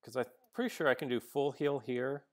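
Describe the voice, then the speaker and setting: Fairly quick and medium-pitched, a man streams his gameplay live with casual commentary. He voices his thoughts as they come, frequently stopping and restarting with ums and likes, and replies to viewers between moves.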